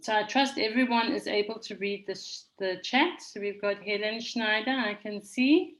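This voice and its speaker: A woman chairs an online conference session, speaking in a measured, orderly way at an average pitch. She heard over a video call, calm and organised as she guides the group. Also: poor audio. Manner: measured, orderly, reads names from the chat.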